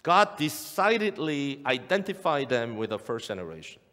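A man's voice: medium pitch, very animated, normal speed, hardly any pauses, pushed and bright. A middle-aged male pastor preaching a sermon in a church, earnest, repeating key phrases and asking the congregation questions. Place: church sanctuary. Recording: long hall reverb.

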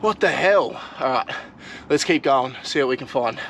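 A young Australian man vlogging outdoors, talking excitedly and casually to his viewers, with plenty of slang. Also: mid-range voice, moderate pace, noisy background. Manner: excitable, slangy, swears mildly, addresses viewers as guys. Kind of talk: casual vlog narration to camera. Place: outdoors in mangrove mud flats.

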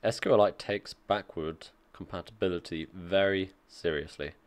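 A man with a low voice reads a technical article aloud and reacts as he goes. His remarks are casual and dry, mixing quick asides with plain reading. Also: fairly even intonation, clear, resonant tone. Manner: reads aloud and comments offhandedly, dry jokes. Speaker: tech streamer reacting to an article.

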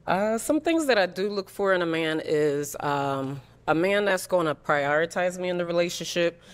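A woman's voice: lowish voice, lively intonation, moderate pace, smooth. A woman in her thirties answering questions on a dating show, nervous and apologetic, with many ums. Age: 30s.

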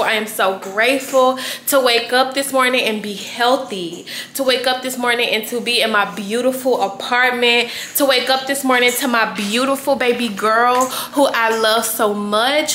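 A woman's voice: bright, forceful tone, a little hiss or hum. A woman, chatting casually in a home vlog in a laid-back way. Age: 20s. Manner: laid-back, talks to her baby in high playful voice. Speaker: vlogger. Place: home apartment.

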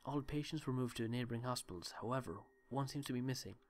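A man's voice: medium pitch, fast talker, slight background noise. A man giving joking, rambling commentary while playing a horror game, talking to himself. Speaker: let's play gamer. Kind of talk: gameplay commentary.

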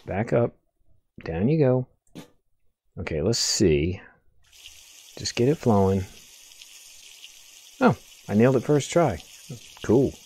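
A man giving let's play commentary, excitable, swearing often and talking back to the game. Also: fairly low pitch, slow pace, pauses often, breathy edge. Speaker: gaming video host.

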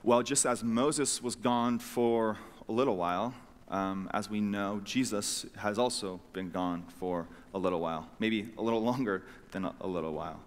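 A man's voice: lowish voice, normal speed. Male pastor preaching in a reverberant hall. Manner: casual, animated storytelling with voiced asides. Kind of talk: sermon. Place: church sanctuary.

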